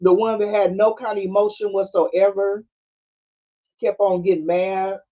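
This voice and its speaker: High voiced guy recapping a movie in aave, laughing, doing everybody's lines, kinda muffled audio. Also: moderate pace. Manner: animated storytelling with frequent laughing and quoted voices. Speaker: podcast host. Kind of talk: casual movie recap chat. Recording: dull lo-fi streaming audio.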